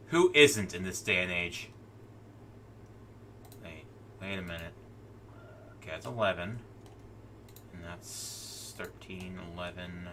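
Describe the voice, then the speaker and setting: A man's voice: sits low, bright, forceful tone, recorded from a distance, a little hiss or hum. A man streaming live and chatting casually as he works, rambling with stammering restarts and muttering to himself. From United States. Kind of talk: casual commentary while working.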